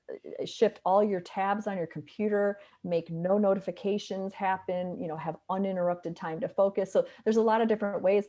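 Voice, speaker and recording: A middle-aged woman speaks with a Wisconsin accent and a nasal tone, her pitch sitting in the middle range. She talks in a chatty, upbeat way as a guest in a remote interview. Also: mellow, dull audio. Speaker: guest, physician and author. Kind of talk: casual interview talk.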